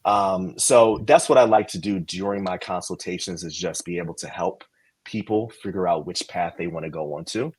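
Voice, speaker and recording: A man's voice: deep voice, normal speed, husky, rough recording. A man, a podcast guest, casually and animatedly explaining career steps, posing questions as he goes.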